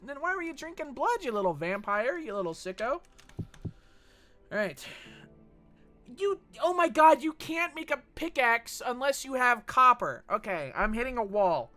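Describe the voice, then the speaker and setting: A man's voice: extremely high pitch, sing-song, moderate pace, pushed and bright, soft background music. A man from Texas streaming a game, rambling and swearing as he reads chat messages aloud and jokes back at them. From Texas, USA. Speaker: gaming streamer. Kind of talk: casual livestream chat while gaming.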